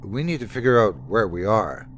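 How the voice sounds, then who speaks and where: A man's voice: fairly low pitch, sing-song, moderate pace, a little hiss or hum. A man voicing a frightened young woman driver who snaps and grows exasperated. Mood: worried. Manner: exasperated, snapping.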